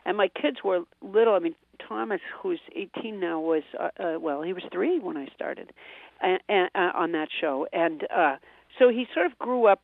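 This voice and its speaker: Gravelly middle-aged woman on a tinny phone line. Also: lowish voice, expressive, normal speed, no echo. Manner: rambling, self-deprecating humor. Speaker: comedian and quiz show panelist. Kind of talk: radio interview storytelling.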